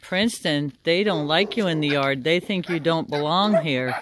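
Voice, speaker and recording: A woman filming her animals in a backyard, narrating casually and calling out to them in an animated way. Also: low-pitched, normal speed, background noise. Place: backyard, outdoors. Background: dogs barking.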